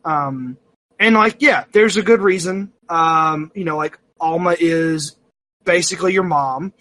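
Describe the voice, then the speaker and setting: Podcast co-host, man, high-pitched and bright, rambling and animated with lots of fillers. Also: unhurried. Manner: rambling, full of fillers and restarts; animated, self-mocking storyteller. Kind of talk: casual chat.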